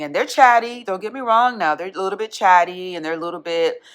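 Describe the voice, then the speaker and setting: Chatty, excited teacher woman, bright voice. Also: on the low side. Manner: excited, chatty, full of restarts. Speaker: kindergarten teacher. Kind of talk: casual vlog chat.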